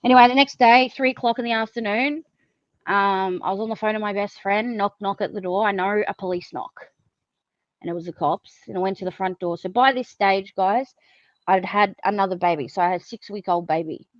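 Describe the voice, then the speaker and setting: A woman's voice: mid-range voice, brisk, no echo, dull audio. A woman, a podcast guest frankly telling her own story with lots of fillers and swearing. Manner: frank and blunt, swears freely, many fillers. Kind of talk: candid personal storytelling.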